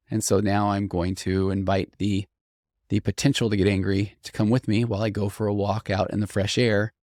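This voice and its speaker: Here a middle-aged man with a low, gravelly voice is heard in studio quality with no room sound. A therapist and podcast host, he reads listener stories in a conversational monologue, earnest and reflective, turning animated as he quotes the listeners.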